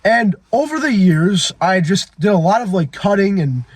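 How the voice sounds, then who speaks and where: A man's voice: high-pitched, animated, normal speed, no room sound. A man in his twenties talking into his phone in a blunt, profane, emphatic confessional monologue. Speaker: fitness vlogger.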